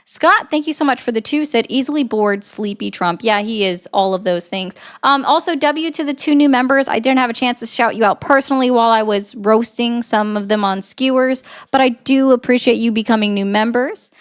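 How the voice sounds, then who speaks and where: A woman's voice: fairly high pitch, a little fast, few pauses, smooth. A woman hosting a political livestream, sarcastically answering viewer comments in a casual chatty way.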